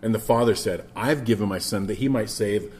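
A man preaching a sermon as pastor, moving between a projected voice and quiet, near-whispered passages. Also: on the low side, brisk, a little hiss or hum.

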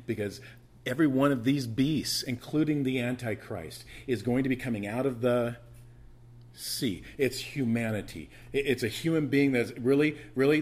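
Husky-voiced male preacher repeating for emphasis. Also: mid-range voice. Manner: repeats phrases for emphasis, rising to loud emphatic bursts; conversational teaching with frequent restarts and asides. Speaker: pastor. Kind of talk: sermon.

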